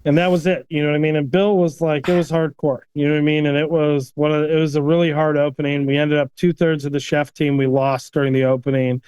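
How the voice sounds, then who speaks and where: A man, a chef and restaurant owner, telling stories casually in an animated way, often tagging "you know what I mean.". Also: fairly high pitch, quick pace, hardly any pauses, clean tone, no echo. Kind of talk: casual storytelling.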